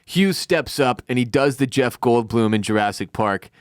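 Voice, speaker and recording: Man, podcast co-host, animated retelling, quick character impressions, dry close sound. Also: mid-range voice, clean tone, no echo. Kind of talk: casual TV recap chat.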